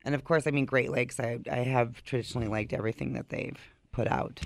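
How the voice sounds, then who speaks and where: A man co-hosting a casual chat over beers, with wry deadpan asides. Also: medium pitch, fast, creaky, a little hiss or hum. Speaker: podcast co-host.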